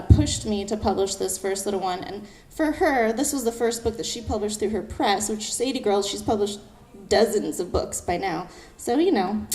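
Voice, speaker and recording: A young woman poet giving a lively talk to a live audience, acting out what others said and reading her own poem. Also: medium pitch. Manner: animated, fast-talking, acts out quoted voices. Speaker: poet and speaker.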